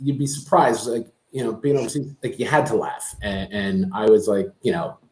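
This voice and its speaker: A man chatting casually as a guest, halting, with restarts and laughs at his own stories. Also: lowish voice, steady tone, roomy sound. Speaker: guest, brother of the host. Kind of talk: casual chat.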